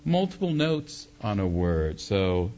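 A man's voice: fairly low pitch, very animated, takes it slowly, a little mellow. Man teaching songwriting, dull lo-fi sound. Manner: explains, then sings short melody examples. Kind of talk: teaching with sung examples.

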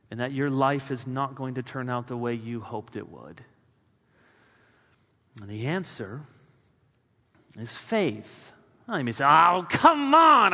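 Male pastor, measured slow sermon delivery, bright tense tone, emphatic lists easing into hushed lines. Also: fairly high pitch. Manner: emphatic, builds in lists then drops quiet. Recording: long hall reverb.

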